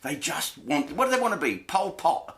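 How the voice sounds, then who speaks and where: Angry sweary comedian ranting. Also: male voice, fairly high pitch, sing-song, moderate pace, fairly bright tone. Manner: angry, sweary, rhetorical questions. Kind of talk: ranting monologue to camera.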